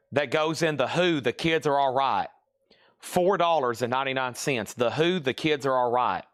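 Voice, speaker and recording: A man's voice: mid-range voice, fairly bright tone. A man with a Southern US accent hosting a live record sale, chatting in a rambling, easygoing way and laughing often. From American South. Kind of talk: casual live-stream selling chat.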